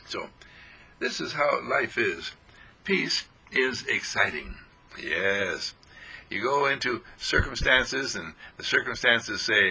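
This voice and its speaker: A man's voice: mid-range voice, expressive, slow, vocal fry, sharp tone, breathy edge, rough recording. A man giving an inspirational spiritual talk, speaking in repetitive, soothing affirmations. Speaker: spiritual teacher.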